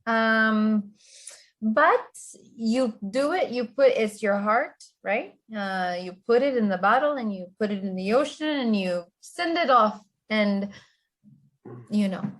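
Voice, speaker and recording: A woman of middle pitch plays improv scenes as the show's host. She coaxes and reassures her partners in a playful way, with many fillers and stumbles. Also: animated, a little slow. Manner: playful, coaxing, hesitant with fillers.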